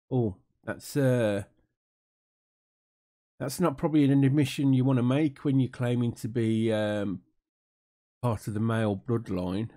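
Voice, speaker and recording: A man's voice: mid-range voice, warm tone. A British man giving casual, sarcastic commentary on an interview, dry and mocking, with many fillers. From United Kingdom.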